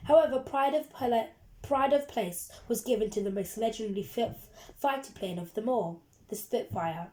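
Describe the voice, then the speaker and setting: A woman reads a children's book aloud with lively, expressive storytelling. Her voice sits a little high but has a mellow, warm tone. She reads with a steady, engaging delivery. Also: normal speed.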